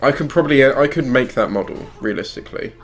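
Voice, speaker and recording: A man's voice: mid-range voice, fast. Rambling, hesitant British man chatting. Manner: rambling, hesitant, laughs often. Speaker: co-host. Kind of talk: casual chat. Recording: faint music under the voice.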